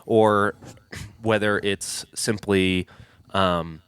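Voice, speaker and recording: A man with a low, resonant voice co-hosts a talk podcast. He asks long questions in a hesitant, rambling way, and the recording is dry and close. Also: fairly even intonation, extremely slow, fairly bright tone, smooth, dry recording. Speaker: podcast co-host. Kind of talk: casual discussion.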